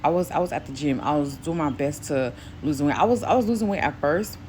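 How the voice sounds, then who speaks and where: A woman from New York casually telling a personal faith testimony, acting out quoted speech in a higher voice. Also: fairly quick, slight background noise. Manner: grows quieter and softer later in the story. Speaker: Christian vlogger.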